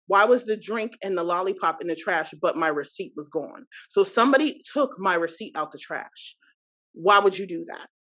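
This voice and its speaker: A woman in her thirties, a podcast guest, recounting a personal experience in an animated, indignant way with many asides. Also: lowish voice, moderate pace. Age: 30s. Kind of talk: personal storytelling.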